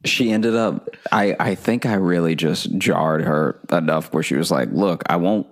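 A man with a very deep voice tells a story in a relaxed podcast chat. He slips into the voices of the people he is quoting and laughs as he goes. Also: measured pace. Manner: animated, acts out phone calls, laughs through the story. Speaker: podcast co-host telling a story.

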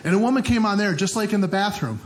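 A man from Minnesota doing a lively stand-up comedy set on stage, telling stories with quick asides and laughing along with the crowd. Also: sits high. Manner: animated storytelling with frequent laughs and quick asides. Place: stage in front of a laughing audience.

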